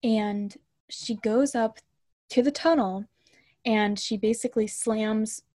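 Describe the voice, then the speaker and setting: A young adult woman co-hosting a casual chat, retelling a film in an animated, chatty way with mock-indignant asides. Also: on the high side, takes it slowly, no echo, clean studio sound.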